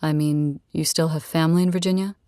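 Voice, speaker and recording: Audiobook: woman reading easygoing rugged guy, lowered voice, dry close read. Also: fairly even intonation, fairly quick, warm tone, no echo, natural voice. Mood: gentle. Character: tall rugged man, easygoing and teasing.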